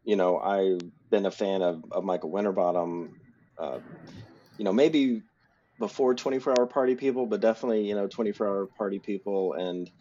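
Talking a little fast in a fairly low, mellow voice, a man co-hosts a casual film podcast, rambling and filling gaps with lots of fillers. The dull lo-fi recording has a little hiss or hum.

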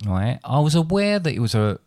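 A man's voice: medium pitch, big pitch swings, brisk, a little mellow, dry recording, studio quality. A middle-aged man with an Essex accent, co-hosting a podcast and telling stories in a rambling, self-interrupting way. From England. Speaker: podcast co-host. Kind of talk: casual chat.

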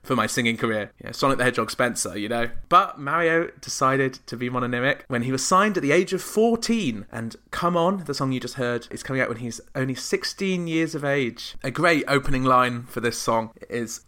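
Man, podcast host, sarcastic chart countdown, bright voice. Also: medium pitch, brisk, few pauses. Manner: sarcastic, joking, deadpan asides.

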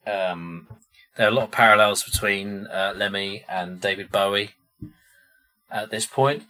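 Deep-voiced man in easygoing podcast chat. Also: unhurried. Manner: relaxed, thinking aloud with many "you know" fillers. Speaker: podcast co-host presenting the songs.

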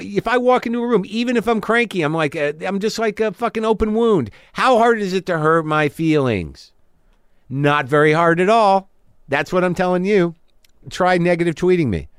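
A man's voice: high voice, clean tone, no room sound, clean studio sound. A man hosting a podcast, talking candidly and profanely, mocking himself and acting out both sides of imagined spats. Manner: self-deprecating, profane, acts out both sides of imagined arguments. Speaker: podcast host. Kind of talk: candid monologue and chat. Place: home studio.

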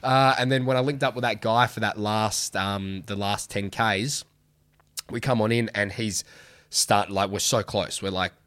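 A man, hosting a podcast and telling a story in an animated, casual way, swearing freely and acting out what people said. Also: fairly low pitch, unhurried. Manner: swears freely, acts out quotes. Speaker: podcast host.

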